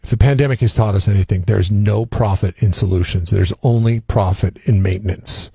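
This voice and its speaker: A man's voice: fairly low pitch, brisk, creaky, mellow, husky. A man co-hosting a morning radio show, chatting casually and rambling through stories with fillers and restarts, speaking into a studio microphone.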